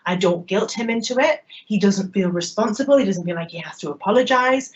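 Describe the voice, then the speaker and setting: A woman giving a keynote talk. She tells personal stories with humor, self-mocking asides and quick jokes. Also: mid-range voice, dull audio. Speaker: keynote speaker.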